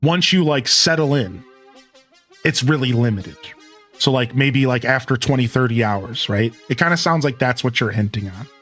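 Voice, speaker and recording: A man's voice: mid-range voice, animated, moderate pace, a bit bright, soft background music. A man streaming live, chatting in a rambling, casual way and answering his chat.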